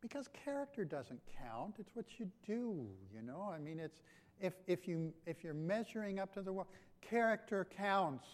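A man's voice: sits high, animated, normal speed, warm tone. A pastor giving a conversational sermon, asking his congregation questions. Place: church sanctuary. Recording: long hall reverb.

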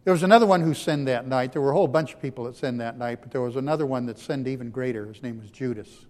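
A man preaching a sermon as a pastor, shifting between loud emphatic lines and hushed, quiet ones. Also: medium pitch, quick pace. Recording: long hall reverb.

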